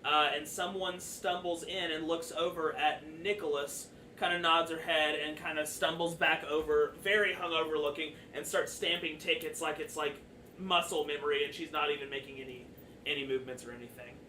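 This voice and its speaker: Bright-voiced man running a tabletop game. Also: fairly high pitch, fairly even intonation, moderate pace. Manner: loose, chatty, lots of fillers. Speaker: dungeon master. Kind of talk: narrating a tabletop game stream. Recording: echoey room, far from the mic, faint noise.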